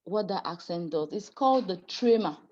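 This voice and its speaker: A woman's voice: fairly low pitch, animated, normal speed, a little mellow, highs cut off. A woman teaching French pronunciation in an online class, patient and apologetic, often laughing and calling students dear.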